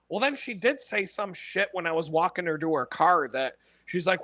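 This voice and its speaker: A man rattles off a brash, foul-mouthed story and laughs at his own punchlines. His voice sits high and bright. The mic is close and dry, with no room sound at all. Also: animated, moderate pace, no room sound. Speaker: podcast host. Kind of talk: casual profane storytelling monologue.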